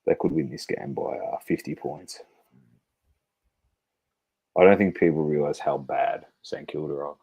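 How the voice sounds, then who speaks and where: Brief: male sports podcast host, very low, mellow voice, teasing banter. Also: steady tone, a little slow, creaky, pauses often, slightly rough, low-quality recording. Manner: teasing, laid-back banter. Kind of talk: casual sports chat.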